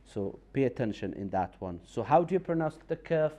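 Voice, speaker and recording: A man with a mellow, dark-toned voice teaches recitation in a televised lesson. He explains slowly and patiently, pausing often with fillers and restarting his sentences. His pitch sits in an ordinary middle range. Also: big pitch swings.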